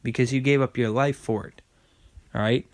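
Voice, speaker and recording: A man's voice: medium pitch, fairly even intonation, normal speed. A man giving an informal sermon, reading scripture aloud and checking in with "okay?" and "man" after each point. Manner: casual, repeats "okay?" and "man"; reads scripture aloud, stumbling on words. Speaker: preacher.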